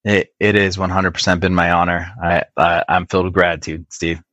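Very deep-voiced earnest man. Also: little pitch movement, a bit bright, no room sound, dull audio. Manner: earnest, halting with many restarts. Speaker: podcast guest. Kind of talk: podcast interview.

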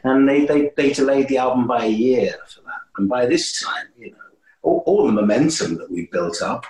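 A man guesting on an interview, telling stories in a lively, animated way with many restarts. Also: normal speed. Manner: animated, swooping pitch, frequent restarts. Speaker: guest musician. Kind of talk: casual interview storytelling. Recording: roomy echo.

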